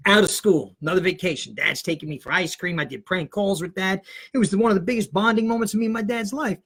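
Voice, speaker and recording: Husky guy with a high voice, comedian spinning yarns, laughs a lot. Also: fast. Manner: animated, laughs often, slips into voices. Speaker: guest comedian. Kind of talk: storytelling in casual chat.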